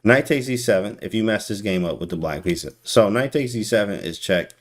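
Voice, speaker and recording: Male chess streamer, low-ish, animated and teasing. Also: brisk. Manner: animated, teasing, talks to chat. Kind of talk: casual live-stream chess commentary.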